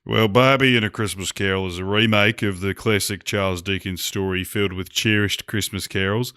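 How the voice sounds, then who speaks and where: A man's voice: on the low side, steady tone, a little fast, sharp tone, clear, resonant tone, dry recording, studio quality. An English man reading the lines of a perky female doll star in a promotional interview, stumbling a little. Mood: chipper.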